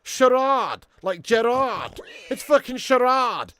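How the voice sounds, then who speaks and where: A man hosting a live football watch-along stream, chatting with viewers, swearing and getting excitable. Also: a little high, moderate pace.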